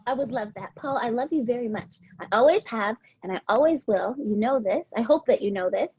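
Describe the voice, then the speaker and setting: A woman's voice: a little high, expressive, fairly quick, breathy edge. A woman guest on a podcast in a heartfelt, casual conversation, gushing with thanks, using lots of fillers and repeating herself. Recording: dull, dry lo-fi audio.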